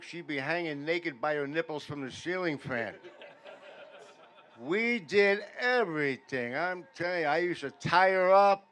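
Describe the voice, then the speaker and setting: In a veterans' hall function room, a man with a fairly high-pitched voice performs a stand-up set. He tells deadpan stories that grow louder as each punchline approaches.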